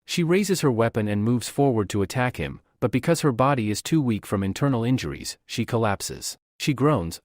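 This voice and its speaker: A man's voice: mid-range voice, very animated, normal speed, hardly any pauses, no room sound, clean studio sound. A man giving a scripted narration of a fantasy comic recap in plain storytelling style.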